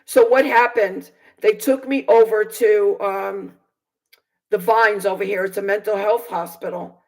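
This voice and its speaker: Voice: medium pitch, steady tone, unhurried, vocal fry, poor audio. A Bible teacher on a video channel telling a personal testimony, indignant and hesitant, with many fillers and restarts. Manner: aggrieved, indignant.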